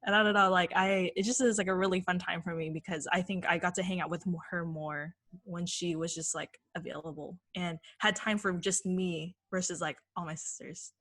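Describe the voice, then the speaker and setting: A young woman co-hosting a podcast, telling a story in lively, filler-heavy casual chat. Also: on the low side, fairly quick. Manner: animated storytelling, many "like" fillers. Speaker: podcast co-host.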